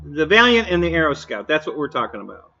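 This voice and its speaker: A man's voice: a little high, big pitch swings, quick pace, vocal fry, pushed and bright. Blunt, laughing man on a live stream. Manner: blunt, opinionated, laughs often, answers chat. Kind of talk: casual live-stream chat. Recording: dull lo-fi stream audio.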